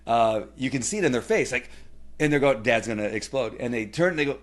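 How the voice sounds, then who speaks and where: A middle-aged man giving a casual personal testimonial, rambling with many fillers and restarts and growing animated when he retells family scenes. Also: medium pitch, fast talker. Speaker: testimonial speaker.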